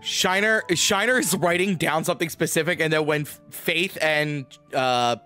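A man's voice: on the high side, moderate pace, sharp tone, faint music behind. A man playing a tabletop game over voice chat, chatty and laughing as he talks about his character. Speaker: player.

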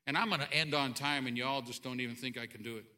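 A man preaching a sermon to a church congregation, animated, swinging between loud outbursts and quiet asides. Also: mid-range voice, fast talker. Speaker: pastor. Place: church sanctuary.

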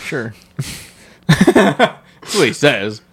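Young male co-host, irreverent jokester, animated pitch, dry close sound. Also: drawn-out words, breathy edge, no room sound. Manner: joking, irreverent, laughs often. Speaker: podcast co-host. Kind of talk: casual chat.

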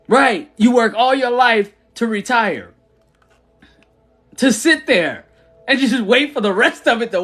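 A man's voice: sits high, fairly bright tone. A man who founded a church chats casually on a livestream, answering viewers with slangy talk and frequent laughter.

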